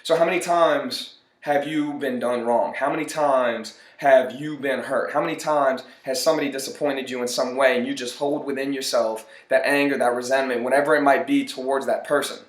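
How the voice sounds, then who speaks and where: A man's voice: medium pitch, fairly even intonation, moderate pace. Earnest male motivational speaker, mid-range voice, echoey room. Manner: earnest, repeats phrases for emphasis. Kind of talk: motivational monologue. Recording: roomy echo.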